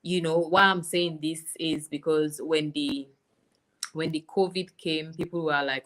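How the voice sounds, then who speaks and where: A woman's voice: low-pitched, fairly even intonation, unhurried, a bit bright. A young woman, candidly musing aloud in casual chat as a podcast co-host.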